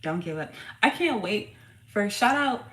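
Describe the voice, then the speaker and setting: A woman's voice: mid-range voice, animated, a little slow, a bit bright. A woman hosting a casual tarot reading at home, talking in a slangy, profane, hyped-up way to her viewers. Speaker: tarot reader and channel host. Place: home room with her young son nearby. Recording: roomy echo with faint background noise.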